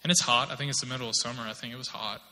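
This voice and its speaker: A man's voice: medium pitch, steady tone, racing, pushed and bright. A man in his thirties preaching a sermon, telling a personal testimony in a conversational way that builds to emphatic exhortation. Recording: long hall reverb.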